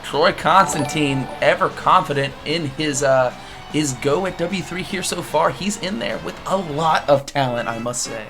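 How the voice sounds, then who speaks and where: A man doing casual, jokey play-by-play commentary for wrestling, excitable and swearing now and then. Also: on the high side, a little slow, music in the background.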